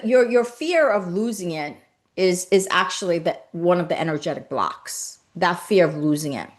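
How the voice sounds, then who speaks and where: A woman hosting a live-streamed motivational talk as a spiritual coach, speaking in gentle, repeated affirmations and greeting viewers by name as she reads their comments. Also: on the low side. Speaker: spiritual coach and livestream host.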